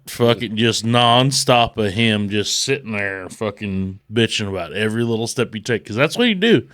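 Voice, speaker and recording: A man's voice: lowish voice, expressive, moderate pace, hardly any pauses, a bit bright, no room sound, clean studio sound. A man telling a casual story on a podcast, rambling, swearing freely and mimicking the people he quotes. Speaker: podcast guest.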